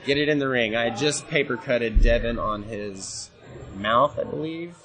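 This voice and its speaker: Profane, animated man over crowd noise. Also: medium pitch, moderate pace. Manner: profane, animated storytelling, laughs often. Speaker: guest wrestler. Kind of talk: casual storytelling. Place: busy convention floor. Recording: noisy convention crowd. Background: crowd chatter.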